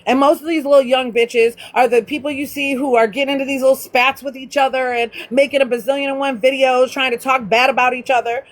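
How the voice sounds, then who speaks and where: High-voiced woman cussing and ranting on her live, no filter. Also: fairly even intonation, fast, few pauses, low-quality recording. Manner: blunt, profane, ranting. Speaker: livestream host. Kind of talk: casual livestream chat.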